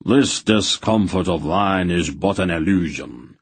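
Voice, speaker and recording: A stiff, formal young knight as a man reads him delivers measured, old-fashioned lines in a low voice. The tone is husky and close, with a dry sound for an audiobook. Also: no room sound, full character voice. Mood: lofty.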